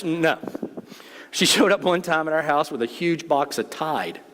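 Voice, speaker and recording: A middle-aged pastor with a fairly high, fairly bright voice preaches a conversational sermon, joking and folksy as he speaks straight to his congregation. The church sanctuary adds long reverb.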